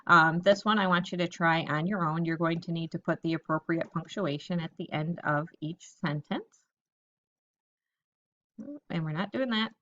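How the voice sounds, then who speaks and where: A woman teacher giving a recorded lesson to young children, reading example sentences slowly and thinking aloud about each one. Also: on the low side, a bit bright, dull audio.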